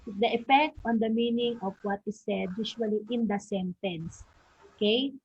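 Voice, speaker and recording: In a fairly high, slightly rough voice at a moderate pace, a female teacher covers stress and intonation for an online lesson. Frequent "okay"s and "no?" tags punctuate her speech as she demonstrates sample words and questions, and the audio is dull and lo-fi.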